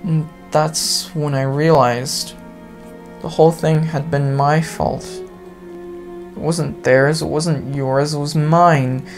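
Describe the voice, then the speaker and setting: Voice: medium pitch, fairly even intonation, slow pace, faint music behind. A gamer reading out the lines of a remorseful teenage girl who confesses her love, earnest and apologetic, as visual novel dialogue.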